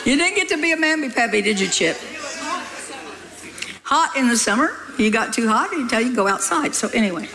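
Older woman preaching with lively exclamations. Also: a little high, brisk, crowd noise, poor audio. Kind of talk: sermon.

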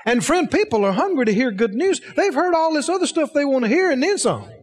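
A man's voice: extremely high pitch, sing-song, brisk, in a large hall. A man preaching a sermon, emphatic, asking the congregation rhetorical questions.

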